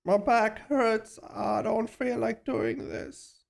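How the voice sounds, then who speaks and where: A whiny old grandmother, as a man puts her on in a livestream bit. Her voice sits far above his own and moves at a slow, dragging crawl. Every word comes out as a weary complaint. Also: fairly even intonation, creaky, heavily acted. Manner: slow, drawn-out, high complaining voice.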